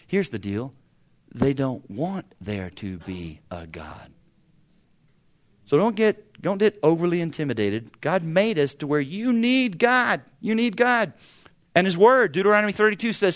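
A man's voice: a little high, sing-song, normal speed. Chatty, emphatic preacher in his fifties. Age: 50s. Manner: conversational, humorous storytelling with sudden bursts of emphasis. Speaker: pastor. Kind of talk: sermon.

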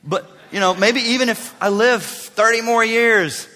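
A man in his fifties preaching a sermon as pastor, swinging from loud emphatic lines to hushed, near-whispered asides. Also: very high-pitched, unhurried, in a large hall. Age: 50s.

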